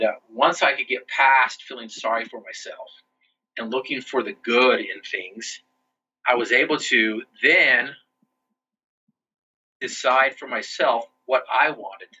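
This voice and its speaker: A man's voice: mid-range voice, sharp tone, breathy edge, muffled recording. A man being interviewed on a podcast, telling his own story earnestly, often restarting his sentences. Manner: earnest, with frequent restarts and "you know". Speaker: interview guest.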